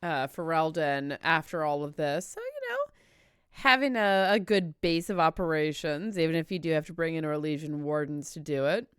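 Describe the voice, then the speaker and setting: A woman's voice: deep voice, very animated, moderate pace, clean tone, dry recording. A woman giving casual let's-play commentary, chatty and wry, talking to herself and the game as she plays. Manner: swears casually. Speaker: gamer playing through a story game.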